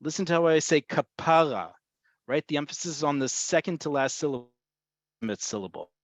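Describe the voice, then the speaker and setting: A man's voice: a little high, fast talker, no room sound. A man teaching a webinar lesson, explaining slang words and repeating his points as he talks to the folks listening. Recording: muffled webinar audio, cutting in and out.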